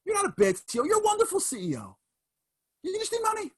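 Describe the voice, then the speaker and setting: A man's voice: fairly low pitch, expressive, brisk, breathy edge. A man voicing an older male billionaire investor who moves from reassurance to insistent lecturing. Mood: emphatic.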